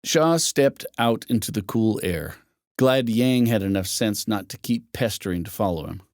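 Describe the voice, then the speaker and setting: A man narrates a novel as an audiobook, reading the scripted text in a steady, even storytelling manner. His voice is on the low side at normal speed, recorded with studio quality and no room sound.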